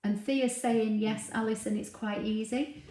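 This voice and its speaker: A woman's voice: on the high side, a little slow. Chatty woman, roomy room sound. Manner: chatty, relaxed, with frequent ums and laughs. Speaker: craft livestream host. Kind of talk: casual live chat, reading viewer comments aloud. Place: home room with a dog nearby. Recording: roomy, echoey home recording.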